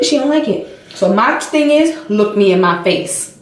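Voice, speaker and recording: A young woman vlogger chatting casually while she does her makeup, telling stories with animated expression and acting out her toddler's voice. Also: mid-range voice, a little fast. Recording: roomy, distant home camera sound.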